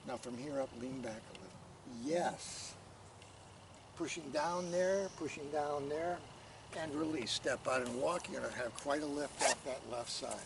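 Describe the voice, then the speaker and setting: Male posture coach, calm step-by-step cues, somewhat high voice, heard from a distance over outdoor noise. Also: measured pace, creaky. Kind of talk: instructional coaching. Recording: distant mic, noisy outdoor background.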